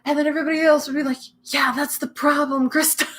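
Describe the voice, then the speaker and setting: A young woman hosting a relaxed livestream and talking straight to her chat. She is chatty and teasing, and she giggles a lot as she reads comments and spins fun ideas. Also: high-pitched. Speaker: livestream host.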